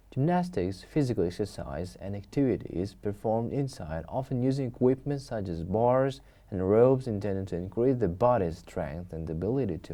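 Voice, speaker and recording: A man teaching an English video lesson, who says new words slowly and repeats each one twice so learners can copy it. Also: on the low side, dark tone. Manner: slow, repeats each word for pronunciation practice. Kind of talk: video lesson, vocabulary drill. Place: studio recording.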